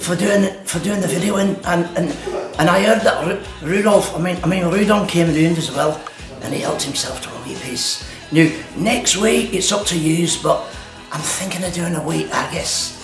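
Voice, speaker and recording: A man's voice: high voice, normal speed. A man hosting a homemade cooking demonstration, chatty and joking as he sips whisky between steps. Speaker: cooking show host. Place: kitchen at an activity centre. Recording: echoey room, mic at a distance, music behind.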